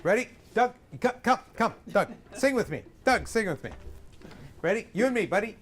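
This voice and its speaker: A man teaching a singing lesson in front of an audience, coaching with lively talk and breaking into sung examples. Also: sits high, normal speed, a little hiss or hum.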